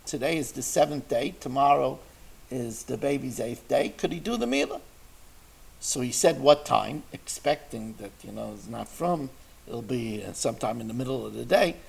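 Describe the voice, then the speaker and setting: A rabbi telling a story in a Torah class, acting out the people in it with lively shifts of voice. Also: male voice, medium pitch, normal speed, vocal fry, breathy edge, low-quality recording.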